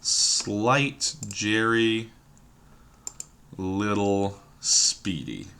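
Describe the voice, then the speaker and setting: A man's voice: on the low side, big pitch swings, extremely slow, gravelly, pushed and bright, clear, resonant tone. A man thinking aloud while solving a word puzzle at his computer, musing and hesitant, trailing off and repeating words to himself. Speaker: puzzle game streamer.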